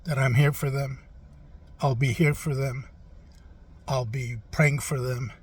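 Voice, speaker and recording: A man playing a rambling, forgetful elderly president in a comic interview, halting and trailing off with lots of "uh". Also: mid-range voice, fairly even intonation, breathy edge.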